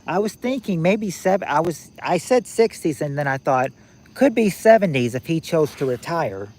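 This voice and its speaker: Man, 60s, streamer host; rambling, restarts, thinks aloud, slightly high voice. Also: very animated, normal speed, darkish tone. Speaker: streamer hosting a game night. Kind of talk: casual live-stream chat.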